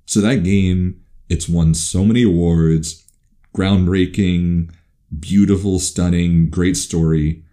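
A man in casual podcast chat, playful and teasing, talking with animated emphasis. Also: low-pitched, slow pace. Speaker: podcast co-host.

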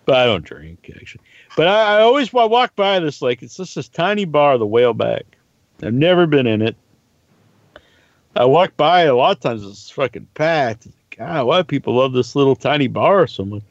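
A man chats casually on a podcast, rambling through stories and swearing freely. His pitch sits in an ordinary middle range. The recording is dry and a little dull. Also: big pitch swings, moderate pace, dry recording. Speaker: podcast co-host. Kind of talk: casual chat.

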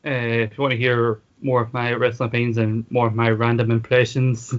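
Flat-voiced man chatting on a dull lo-fi line. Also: mid-range voice, moderate pace. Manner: steady, leans heavily on "like". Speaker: podcast guest and fellow host. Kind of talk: casual podcast review chat.

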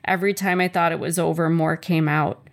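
A woman's voice: low voice, steady tone. Earnest woman reading her own memoir. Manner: measured, earnest first-person reading.

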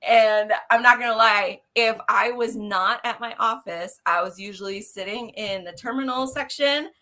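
A woman's voice: on the high side, moderate pace, sharp tone. A woman hosting a live online interview over a video call, giddy and effusive, laughing often. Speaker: host.

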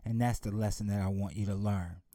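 A man voicing a calm, gentle father who soothes and reassures his daughter in a spoken story. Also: on the low side, normal speed, dry recording, clean studio sound, voice pushed down. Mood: calm, reassuring.

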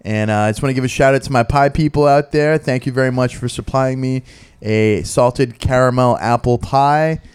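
A man's voice: medium pitch, normal speed, clean tone. Teasing man co-hosting a podcast. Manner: teasing, deadpan ribbing. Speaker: podcast co-host. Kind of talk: casual podcast banter.

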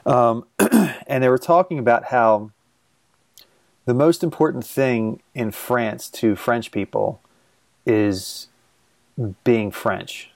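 A man's voice: medium pitch, takes it slowly, vocal fry, long pauses, no echo. A man co-hosting a podcast in casual chat, thinking aloud hesitantly, with many restarts and trailing off. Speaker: podcast co-host.

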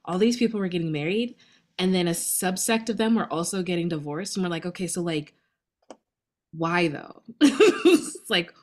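A chatty woman co-hosting a podcast, her voice sitting a little low. She talks in an animated, casual way and breaks into laughter often. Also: moderate pace. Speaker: podcast co-host. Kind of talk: casual conversation.

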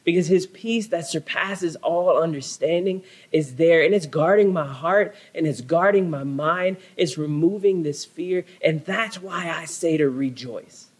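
A pastor delivers a sermon, telling his story earnestly and dramatically and leaning on repeated phrases for emphasis. His voice is a touch higher than most men's. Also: a little slow, hardly any pauses, husky, low-quality recording. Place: church.

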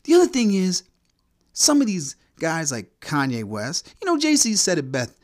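Profane, animated ranting man. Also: high-pitched, moderate pace, no room sound, studio quality. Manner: angry, crude, heckling rant.

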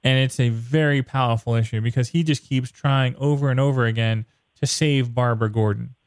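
A man's voice: mid-range voice, fairly quick, no echo, clean studio sound. Exasperated man ranting about comics. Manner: excitable, rants with exasperation. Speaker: podcast host. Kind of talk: casual comic book chat.

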